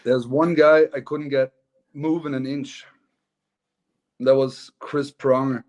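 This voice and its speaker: A man's voice: mid-range voice, slow pace, muffled recording. Guy, middle-aged, ex hockey player on a show, laid back rambling, laughs a lot. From Germany. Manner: relaxed, rambling, laughs easily. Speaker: guest, former hockey player. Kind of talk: casual interview chat.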